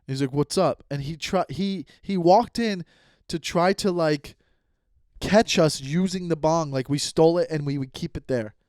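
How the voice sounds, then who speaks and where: A man's voice: on the high side, normal speed, a little mellow, no room sound, studio quality. A young man hosting his own podcast from home, telling stories in a casual, profane, rambling way with lots of restarts and sudden outbursts. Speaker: comedian podcast host. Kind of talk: casual solo podcast storytelling.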